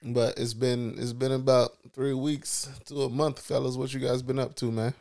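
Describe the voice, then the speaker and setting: A man hosting a podcast, opening the show and teasing his co-hosts in a relaxed, joking way. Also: mid-range voice, moderate pace, vocal fry. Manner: relaxed, joking, leading the talk. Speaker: podcast host. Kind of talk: casual podcast chat.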